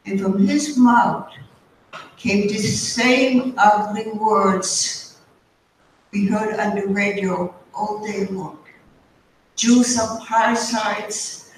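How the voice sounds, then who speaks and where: Older woman speaking slowly in an echoey hall. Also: mid-range voice, fairly even intonation. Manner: slow and deliberate. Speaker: guest speaker. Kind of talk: storytelling testimony. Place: high school auditorium. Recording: distant mic, echoey hall, faint noise.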